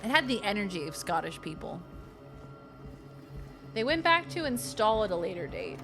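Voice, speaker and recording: A woman's voice: medium pitch, very animated, normal speed, music in the background. A woman streaming a video game, chatting casually and reading the game's text aloud with jokey asides. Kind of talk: casual let's-play chat.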